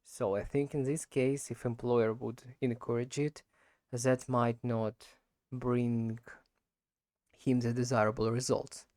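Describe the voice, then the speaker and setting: A man who is not a native speaker of English, talking his way through practice questions, halting and correcting himself as he goes. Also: medium pitch, flat delivery, a little mellow, no room sound, studio quality. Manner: halting, frequent self-corrections and repeats. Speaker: language learner practicing speaking. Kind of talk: unscripted spoken practice monologue.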